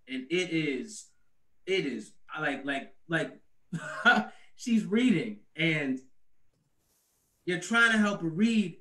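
A man's voice: high voice, fairly bright tone, far from the mic. A man doing a conversational stand-up comedy set about raising kids, laughing at his own jokes. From US Northeast. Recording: echoey room, away from the mic.

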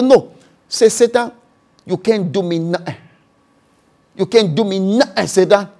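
A man's voice: sits high, a little slow, long pauses. A man with a Nigerian accent, a pastor preaching a sermon and acting out voices and speaking in tongues.

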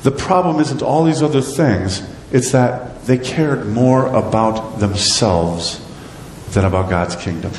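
Animated preacher in an echoing church. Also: male voice, medium pitch, slow pace, slight background noise. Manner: animated, asks the congregation rhetorical questions. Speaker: pastor. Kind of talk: sermon. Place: church sanctuary. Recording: echoey church hall with long reverb.

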